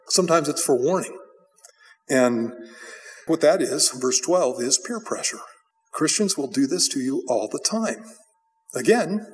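A man preaching a Bible teaching in a loose, conversational way, blunt and animated as he tells the story. His voice sits somewhat high for a man. Long hall reverb hangs behind him. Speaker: pastor. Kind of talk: expository sermon.

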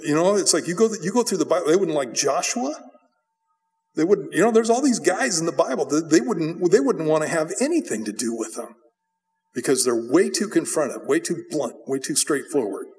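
Conversational preacher in an echoing hall. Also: male voice, a little high, moderate pace. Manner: conversational, blunt, animated storytelling. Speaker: pastor. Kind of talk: expository sermon. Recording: long hall reverb.

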